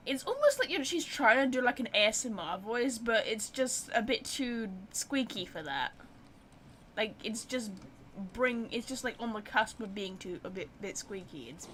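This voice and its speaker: A woman's voice: fairly high pitch, pushed and bright, slight background noise. Chatty woman rambling over gameplay. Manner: chatty, rambling, lots of "like" fillers. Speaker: game streamer. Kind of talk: casual let's-play commentary.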